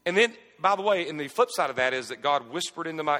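High, bright-voiced preaching man in a reverberant hall. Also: moderate pace. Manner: preaching with rising, shouted emphasis and folksy asides. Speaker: pastor. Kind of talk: sermon.

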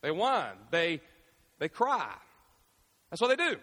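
High-voiced pastor preaching in an echoey church. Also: male voice, takes it slowly. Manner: animated, call-and-response preaching. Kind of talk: sermon. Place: church sanctuary.

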